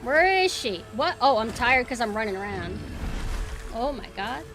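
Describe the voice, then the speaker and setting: A young woman with a high voice that leaps all over as she reacts to a horror game on stream. She swears freely and lets out frustrated yelps. Game music plays underneath her. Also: big pitch swings, moderate pace. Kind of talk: gaming stream commentary.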